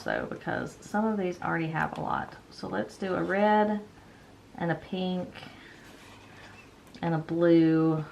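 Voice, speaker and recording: A woman's voice: low voice, creaky, a little hiss or hum. A woman in her thirties chatting casually while decorating a planner, rambling with lots of ums and self-corrections, a little tired. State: yawning, a bit tired. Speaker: planner vlogger.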